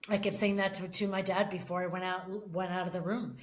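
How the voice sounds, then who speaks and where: A woman's voice: fairly low pitch, level tone, a little fast, a little hiss or hum. Middle-aged woman on a podcast, stops and restarts a lot, gets emotional telling her story. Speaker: podcast guest. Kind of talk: casual conversation.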